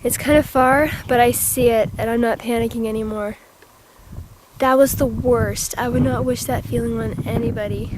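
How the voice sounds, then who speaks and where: Young woman vlogging on a trip, slightly high voice, chatty and self-mocking, heavy wind roar on the camera mic. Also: fairly even intonation, moderate pace. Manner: chatty, self-mocking, restarts when flustered. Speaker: travel vlogger. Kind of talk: casual travel vlog. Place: outdoors on an island, walking. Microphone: handheld camera mic. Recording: wind-buffeted handheld camera audio. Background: loud wind on the mic.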